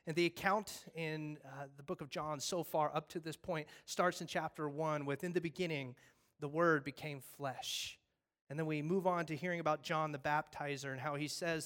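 A man's voice: fairly high pitch, normal speed. A male pastor preaching a casual, conversational sermon that recaps scripture and jokes along the way. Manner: animated storytelling, acting out voices; conversational, jokey asides.

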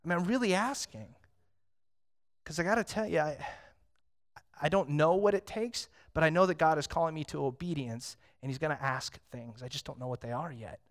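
Preaching with a fairly high pitch and a brisk pace, this man in his thirties tells stories and speaks conversationally from the pulpit. He moves between quiet reflection and loud, excited moments.

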